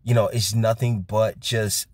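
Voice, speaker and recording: A man's voice: fairly low pitch, level tone, measured pace, no room sound. A man hosting a casual reaction commentary, rambling and blunt, with slang and many fillers. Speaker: host.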